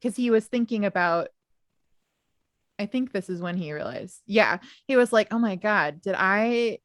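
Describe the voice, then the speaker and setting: A woman's voice: medium pitch, animated, normal speed, no room sound, clean studio sound. A woman co-hosting a book podcast, retelling scenes in quoted voices and laughing often. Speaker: podcast co-host. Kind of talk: casual book discussion. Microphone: remote recording.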